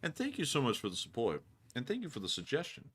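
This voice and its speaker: A man with a bright, forceful voice hosts a casual live stream. He jokes constantly, laughs a lot and repeats his own phrases with loose, playful energy. He speaks at an ordinary middle pitch. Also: huge pitch swings, fast, husky. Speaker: show host reading viewer messages.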